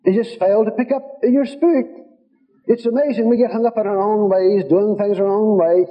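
In a dull, lo-fi recording, a preacher with a high voice speaks at a moderate pace in a steady tone. His sermon is full of folksy stories, with God's words and other people's lines quoted in his own voice.

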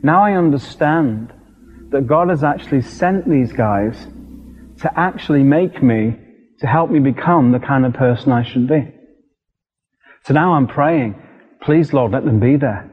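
British preacher telling a lively story in a reverberant hall. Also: male voice, mid-range voice, a little slow, slightly rough. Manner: lively, re-enacts scenes with sudden shouts. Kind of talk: storytelling sermon. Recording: dull recording with long hall reverb.

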